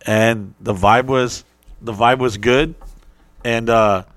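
A young adult man telling a profane, animated story on a podcast, acting out his friends' voices. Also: mid-range voice, takes it slowly, no echo. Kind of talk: crude storytelling.

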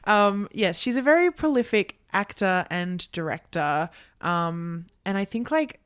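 A woman's voice: mid-range voice, expressive, a little slow, a bit bright, smooth, dry recording, studio quality. A woman co-hosting a casual podcast, chatty and self-deprecating, laughing often. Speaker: podcast co-host. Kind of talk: casual chat.

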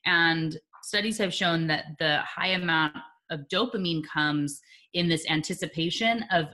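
A woman guest in a conversational interview, explaining her ideas in a lively way with acted-out examples and laughter. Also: sits low, unhurried.

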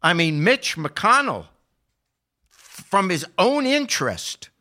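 An older man talking politics on a podcast, his bright, forward voice swinging widely in pitch. He moves from measured remarks into impassioned, indignant outbursts, hammering his points. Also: sing-song. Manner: impassioned, rising to indignant emphasis. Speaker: podcast regular. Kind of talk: political commentary.

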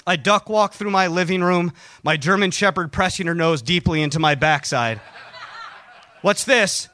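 A middle-aged man telling a comic story about himself, swinging between bitter muttering and shouted bravado. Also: fairly high pitch, normal speed, dry recording. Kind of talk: live comedic storytelling.

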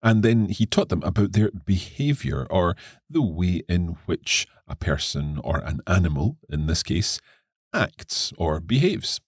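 A man's voice: sits low, big pitch swings, unhurried, slightly rough, no room sound, studio quality. A man co-hosting a podcast English lesson, reading the text aloud and asking questions about it. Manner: reads the lesson text, then asks questions.

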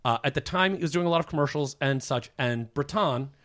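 A man's voice: fairly high pitch, a little fast, fairly bright tone. A man presenting as a guest on a casual podcast, explaining with lots of fillers and restarts. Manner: hesitant, full of fillers.

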